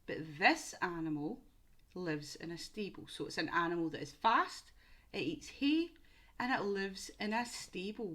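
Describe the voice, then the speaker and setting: A woman's voice: on the low side, expressive, measured pace, a bit bright. A young woman teaching young children through a home-learning quiz, with exaggerated questions and encouragement. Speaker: primary school teacher.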